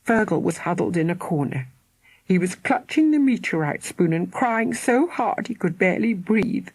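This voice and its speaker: A woman narrating a children's audiobook in an expressive storytelling way, with dramatic pauses. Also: on the low side, slightly rough, no echo. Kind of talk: scripted narration.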